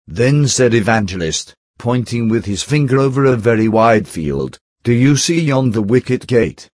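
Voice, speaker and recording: Brief: male narrator, lowish voice, steady measured reading of archaic prose, dry close sound. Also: no room sound. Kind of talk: scripted narration.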